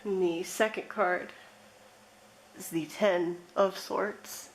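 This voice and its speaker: A woman reads tarot cards for her viewers at a slow, unhurried pace, lingering on each card in a reflective and emotional way. Her voice sits at a middle pitch. A faint background hiss runs under the recording. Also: steady tone, low-quality recording. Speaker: tarot reader. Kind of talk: pick-a-card tarot reading.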